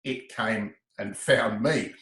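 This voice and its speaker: A middle-aged man, a guest telling his story in a casual interview, animated and quick to laugh. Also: on the low side, echoey room, rough recording. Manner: animated, breaks into laughter, repeats words.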